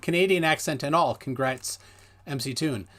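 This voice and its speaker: A man's voice: medium pitch, normal speed, fairly bright tone. A man hosting a casual live stream, reading viewer donations aloud in a jokey, self-mocking way and stumbling over names.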